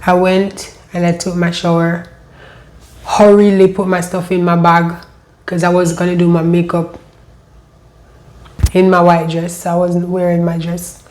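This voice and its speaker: A woman with a lilt recounts her own life story in a steady, level voice that rarely rises or falls. She sounds emotional and halting, circling back to repeat her words as she talks. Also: lowish voice. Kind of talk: personal storytelling.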